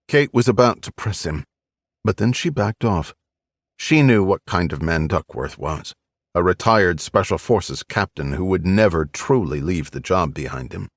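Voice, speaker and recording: A man reads a thriller audiobook aloud with brisk, storytelling energy. His voice sits very low yet swings widely in pitch, and the close studio sound is dry. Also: animated, dry recording. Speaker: audiobook narrator. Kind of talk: scripted narration.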